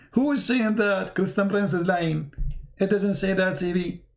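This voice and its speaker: Brief: sarcastic male commentator, slightly high voice, halting phrasing, mocking tone. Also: creaky. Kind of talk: polemical commentary monologue.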